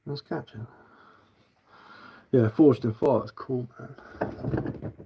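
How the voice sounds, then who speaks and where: A man's voice: medium pitch, very slow, creaky, warm tone, a little hiss or hum. A man with a southern English accent tinged with London, chatting casually on a live stream in a rambling, easygoing way with plenty of fillers. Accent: southern English with London influence. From south of England. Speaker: bushcraft livestreamer.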